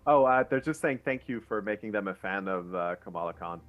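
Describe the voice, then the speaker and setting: A man hosting a casual interview, relaxed, passing on audience messages. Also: fairly low pitch, brisk, soft background music. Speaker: host.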